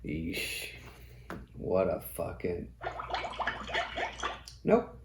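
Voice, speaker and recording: A man's voice: sits low, wildly swooping pitch, extremely slow, heavy background noise. A middle-aged man hosting a comedy show and delivering a profane, sardonic monologue. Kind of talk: comic monologue. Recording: roomy echo.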